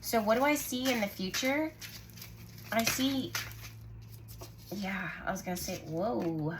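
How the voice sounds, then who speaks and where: Gentle musing woman reading tarot. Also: medium pitch, slow pace, heavy background noise. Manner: musing, intuitive, lots of "like" and "I just heard". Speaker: tarot reader and channel host. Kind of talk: casual tarot reading to camera.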